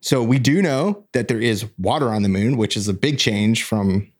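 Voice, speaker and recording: Casting: lower-voiced male podcast co-host, explanatory, halting delivery. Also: lively intonation. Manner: explanatory, hesitant with fillers and restarts. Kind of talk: casual podcast chat.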